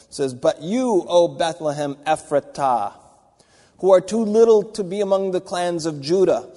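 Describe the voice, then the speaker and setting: A man's voice: sits high, normal speed, dark tone, in a large hall. A man giving a Bible teaching, talking it through conversationally with restarts and asides. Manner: conversational, thinking aloud with fillers and restarts.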